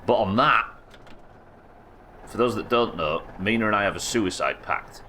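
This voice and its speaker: A man with a deep, low voice chats casually on a live game stream, answering viewers and his co-players. His tone is bright and forceful, and he swears now and then. Faint noise sits behind him. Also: normal speed. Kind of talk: live gaming stream chat.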